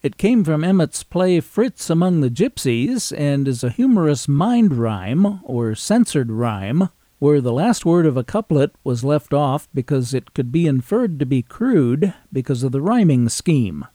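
A man hosting a radio show about old records, reading out record details in a measured way. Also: fairly high pitch, very animated, dark tone, no echo. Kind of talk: scripted radio show narration.

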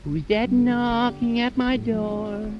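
A plaintive young maiden. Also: female voice, fairly high pitch, level tone, over loud music. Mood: pleading. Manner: slow plaintive sung calls. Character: pleading fair young maiden. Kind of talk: comic song on old record. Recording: dull lo-fi old record with band.

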